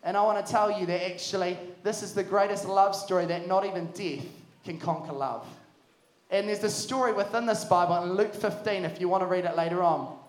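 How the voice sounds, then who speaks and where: A young man preaching to a youth camp, energetic and jokey. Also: high-pitched, brisk. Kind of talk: sermon. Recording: echoey hall.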